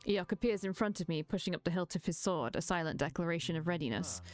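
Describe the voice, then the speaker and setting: A woman reads a visual novel aloud in the first person, with an expressive storytelling delivery. Her voice sits on the low side, and soft music plays underneath. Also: fast talker. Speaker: streamer reading a visual novel.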